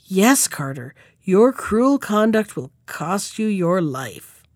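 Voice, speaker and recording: A woman's voice: fairly high pitch, unhurried, darkish tone, dry recording, studio quality, natural voice. A woman voicing a small, vengeful female sparrow who taunts with cool threats. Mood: taunting.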